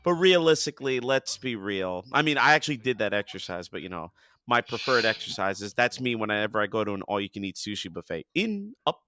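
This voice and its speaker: A man's voice: on the low side, expressive, quick pace, sharp tone, slight background noise. A man in his thirties, a podcast guest in casual chat, goofy and full of jokes. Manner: goofy, riffs and jokes, breaks into voices.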